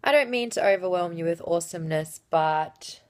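A woman's voice: on the low side, fairly quick, darkish tone. An Australian woman hosting geek culture content, talking in playful, jokey, self-mocking comedy clips. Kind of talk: comedic short vlog clips.

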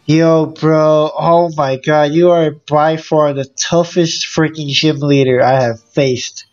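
A gaming YouTuber giving casual let's-play commentary, excitable and full of exclamations and groans. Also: mid-range voice, slow pace, muffled recording.

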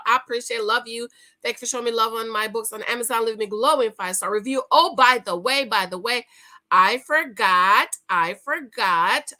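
High, bright-voiced woman vlogger. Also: low-quality recording. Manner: indignant, talks straight to viewers. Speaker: YouTube commentary host. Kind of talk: reading news and reacting to camera.

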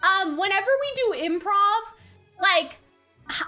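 A young woman reacting to a game as she plays, excitable and giggly, gushing and swearing casually. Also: very high voice, unhurried, faint music behind. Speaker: let's play streamer.

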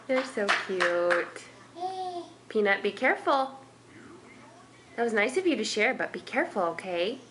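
A woman's voice: medium pitch, very animated, slow pace, pauses often, fairly bright tone, a little hiss or hum. A young woman vlogging at home, playing with her toddler in sing-song baby talk and chatting to viewers. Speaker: vlogger and mother. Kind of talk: casual home vlog.

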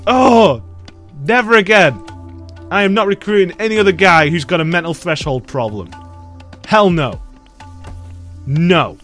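A young man talks through a let's play in an exasperated, ranting way, swearing at the game. His voice sits fairly high and swings widely in pitch, and he takes his time between words. Faint game music plays underneath. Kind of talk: casual gameplay commentary.

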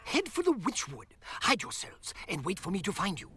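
A man's voice: high-pitched, wildly swooping pitch, normal speed, pushed and bright, a little hiss or hum, pitched above the performer's own voice, full character voice. A man voicing a flustered, kindly old male wizard with fussy, old-fashioned exclamations in a storybook game. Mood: urgent.

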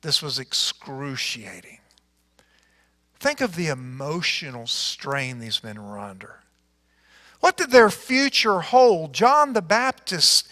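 A man preaching a sermon as pastor, reading scripture dramatically with big swings from loud to hushed. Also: high-pitched, in a large hall. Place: church sanctuary.

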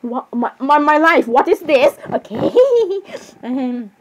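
Giggly high-voiced woman reacting in character. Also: slow pace, rough recording. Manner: giggly, apologetic, excitable. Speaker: role-play reaction streamer.

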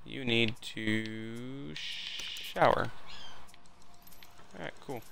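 Gravelly-voiced man joking through gameplay. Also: medium pitch, extremely slow, background noise. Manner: joking, profane asides. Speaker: gameplay commentator. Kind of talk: casual gameplay commentary.

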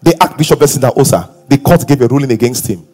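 A middle-aged man preaching a sermon as pastor, telling stories dramatically and moving from hushed asides to shouted exhortations. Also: mid-range voice, lively intonation, quick pace, slightly rough, faint music behind.

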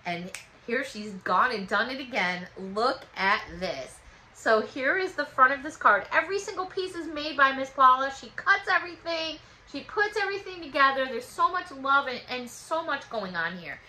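Bright-voiced woman in her fifties. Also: on the high side, low-quality recording. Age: 50s. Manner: warm, gushing, chatty and thankful. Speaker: vlogger opening fan mail. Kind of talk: casual chat.

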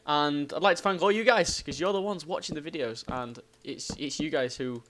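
A man hosting a gaming channel, giving rambling, excitable let's play commentary and exclaiming at the game. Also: a little high, moderate pace.

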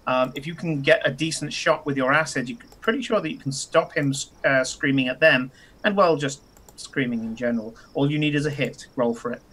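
A man, narrating a tabletop game as game master, halting with many fillers and chuckles. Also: medium pitch, fairly bright tone, breathy edge.

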